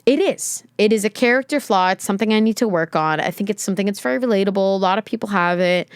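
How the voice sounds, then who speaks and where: A woman's voice: mid-range voice, fast, clean tone, dry recording, clean studio sound. A young woman hosting a podcast, talking candidly and emotionally in a rambling, reflective way with many fillers. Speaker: podcast host. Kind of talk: candid solo talk.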